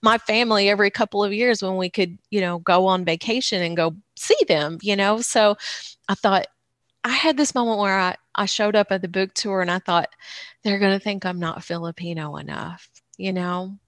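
A woman's voice: mid-range voice, moderate pace, fairly bright tone, no room sound. A middle-aged woman with a Southern American accent, an author telling her story in an interview, chatty and earnest with many restarts. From Southern United States.

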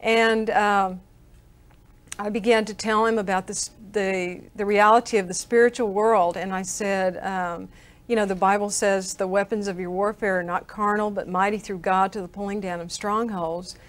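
A woman's voice: medium pitch, steady tone, moderate pace. Earnest older woman telling her story. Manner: earnest storyteller, acts out quoted dialogue. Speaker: interview guest. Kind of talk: recounting a personal story.

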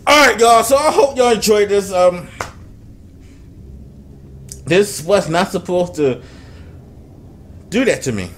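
A man's voice: sits high, animated, slow pace, pauses often, fairly bright tone, a little hiss or hum. A young man commentating a game he is playing, talking to the game and his viewers and swearing a lot. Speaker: gaming YouTuber. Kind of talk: let's play commentary.

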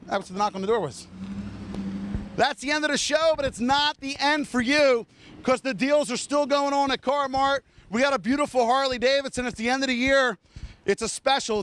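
A man hosting a TV car commercial, rattling off vehicle features in an enthusiastic hard-sell pitch and talking straight to viewers and the cameraman, outdoors on a dealership lot. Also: a bit bright, clear, resonant tone. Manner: rapid-fire enthusiastic sales pitch, listing features; addresses viewers and cameraman directly. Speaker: car dealership salesman and show host.

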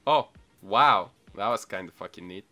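A young man giving casual gaming commentary, excitable and quick to swear in frustration. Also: on the low side, soft background music. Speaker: gaming channel host.

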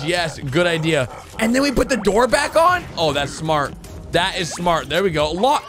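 Excitable man shouting over cartoons. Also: high voice, moderate pace. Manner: excitable, big jumps into shouts and gasps. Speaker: gaming YouTuber. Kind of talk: reaction commentary on cartoon animations. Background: background music.

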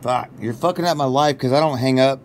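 A man baits phone scammers with crude, cheerfully absurd rambling. His pitch sits right in the middle of the range, and a faint hiss of noise runs under his voice. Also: a little fast, a little mellow. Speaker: prank caller baiting scammers. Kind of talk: casual phone prank banter.

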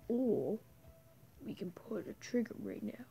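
A woman's voice: mid-range voice, lively intonation, a little slow, creaky, mellow, poor audio. Woman putting on a taunting Australian drifter. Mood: menacing. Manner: mocking, drawling, mostly whispered. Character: grizzled homeless drifter man, taunting and unhinged. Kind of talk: voicing game dialogue aloud.

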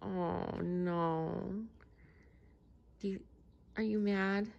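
A young woman talking as a mother in a casual home video, softly coaxing and gently repeating her questions. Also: on the low side, fairly even intonation, very slow, gravelly, lo-fi sound.

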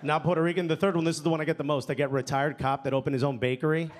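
A young man with a New York accent doing a stand-up set, playful, dropping his voice low and soft for punchlines. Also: flat delivery, rapid-fire. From New York area. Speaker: stand-up comedian. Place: comedy club stage with laughing audience. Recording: live club recording with crowd noise.

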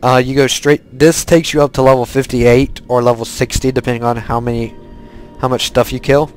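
A man's voice: medium pitch, flat delivery, normal speed, a little mellow, faint music behind, low-quality recording. A man giving casual, rambling let's-play commentary while he plays, often restarting his sentences. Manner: rambling, self-correcting, chatty. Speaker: gaming video host.

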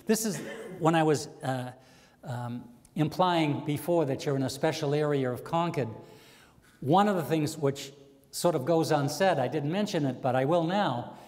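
A stand-up comedian tells his jokes as little stories. He slips into quoted voices and rambles through chatty asides. His voice sits a bit high, with a long reverb trailing off behind him. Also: a little mellow. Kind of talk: stand-up joke telling. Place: community access TV stage, live audience.

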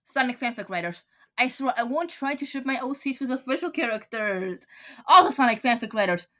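A young woman casually reading meme captions aloud in a deadpan way. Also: high voice, brisk. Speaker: meme reader.

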